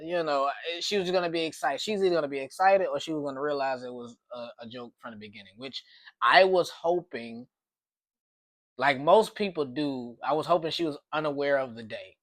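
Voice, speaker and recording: A man telling a story casually, at a mid pitch. He rambles, restarts and repeats himself as he goes. The sound is dry and close-miked. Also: normal speed, a bit bright, no room sound.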